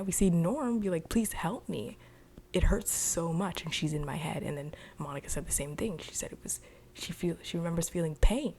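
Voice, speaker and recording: A woman's voice: on the low side, husky. Chatty woman recapping a TV episode. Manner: chatty and animated with slang. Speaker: TV show reviewer. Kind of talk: casual spoken recap.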